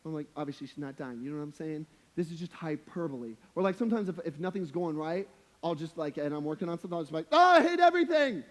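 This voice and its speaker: A man's voice: a little high, fast talker, mellow. A young adult man preaching a sermon as a pastor, in a casual, slangy, conversational way with humorous, emphatic points.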